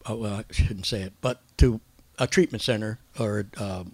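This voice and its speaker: A man telling his recovery story in a casual, rambling way, full of slang and fillers, who acts out other people's lines in a higher voice. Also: normal speed, a little mellow, no room sound. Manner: acts out quoted voices with raised pitch.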